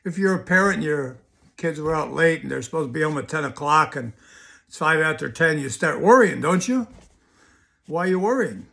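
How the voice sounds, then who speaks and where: Older male hypnotist, raised pitch, gravelly, folksy storyteller throwing rhetorical questions. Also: expressive, fairly quick, bright, forceful tone. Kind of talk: motivational video talk.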